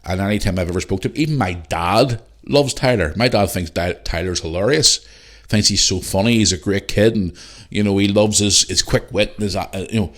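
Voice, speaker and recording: Guy ranting on his podcast, kinda low voice, fired up and sweary. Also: brisk. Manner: heated, repetitive, sweary. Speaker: podcast host. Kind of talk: solo podcast rant.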